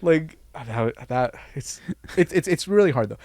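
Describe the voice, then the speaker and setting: A man co-hosting a casual comedy podcast, retelling scenes in an animated way with lots of fillers and swearing. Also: mid-range voice, unhurried, no room sound. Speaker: podcast co-host. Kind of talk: casual comedy review chat.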